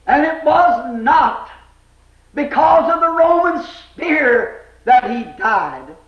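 Male preacher, very high voice, slow deliberate delivery, fervent shouting sermon, echoey dull old recording. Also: lively intonation. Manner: impassioned, swinging from shouts to hushed low lines.

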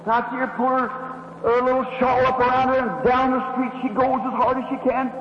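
High-voiced man preaching a fervent sermon. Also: level tone, fairly quick. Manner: dramatic, fervent, sweeping rises and drops. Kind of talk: revival sermon storytelling. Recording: echoey hall, dull lo-fi with faint hum.

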